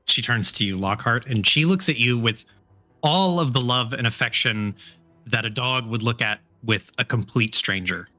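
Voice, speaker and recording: A man's voice: mid-range voice, moderate pace, sharp tone, soft background music. A man narrating as game master in a tabletop game, describing the scene in a matter-of-fact way.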